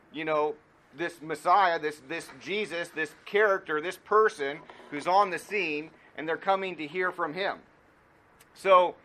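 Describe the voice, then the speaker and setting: A man's voice: fairly high pitch, a bit bright. Earnest man teaching Sunday school. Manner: earnest, halting with restarts. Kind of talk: church teaching.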